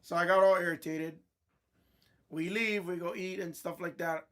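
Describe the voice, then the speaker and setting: A man, a host of a card-breaking stream, telling a blunt, irritated story in casual chat, clearing his throat often. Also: high voice, fairly even intonation, normal speed, a bit bright.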